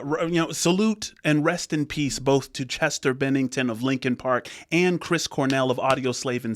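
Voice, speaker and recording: A man's voice: fairly high pitch, no room sound, clean studio sound. A man hosting a music reaction channel, chatting casually to his viewers and often checking in with them. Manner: conversational, often checks in with "right?".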